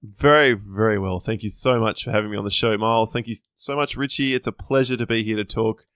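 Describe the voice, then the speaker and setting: An Australian man with a fairly low voice, talking as a podcast guest. He chats casually with a cheeky, self-deprecating humor and laughs easily. The sound is dry and close, with no room behind it. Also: a little fast, a bit bright, smooth, no room sound. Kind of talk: casual chat.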